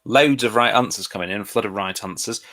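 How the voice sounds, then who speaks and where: A man's voice: lowish voice, fast talker, sharp tone. A man presenting a live online revision lesson in a chatty, self-deprecating way. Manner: chatty, laughs at own pronunciation doubts.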